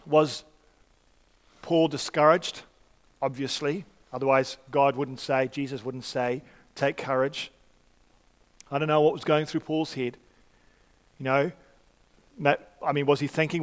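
A man preaching a sermon in a conversational way, often pausing on fillers and restarting his sentences. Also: medium pitch, fairly even intonation. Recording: long reverb of a large hall.

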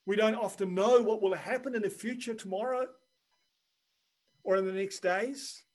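A man preaching a sermon in an earnest, measured way, dropping quiet and then rising for emphasis. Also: high-pitched, poor audio. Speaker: pastor.

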